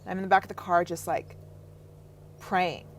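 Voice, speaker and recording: Young woman telling a painful story haltingly. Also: on the low side, fairly even intonation, slight background noise. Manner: halting, breaks off and restarts, voice drops to near whisper at times. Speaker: podcast guest. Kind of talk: emotional personal storytelling.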